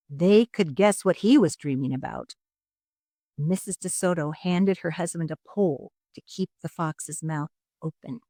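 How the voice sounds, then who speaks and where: A woman reading a children's storybook aloud in an expressive, dramatic narrating style. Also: sits low, a little slow, dry recording, clean studio sound.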